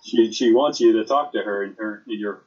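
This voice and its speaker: A man with a slightly low, husky voice plays his turn in a tabletop game. He sounds laid-back and chuckles easily. The recording is dull and lo-fi. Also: fairly quick, a little mellow. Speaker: player.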